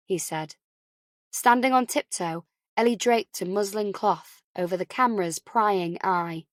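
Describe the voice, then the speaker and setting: A woman's voice: mid-range voice, unhurried, dry recording, studio quality. Woman whispering a crime audiobook. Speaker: audiobook narrator. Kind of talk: whispered narration.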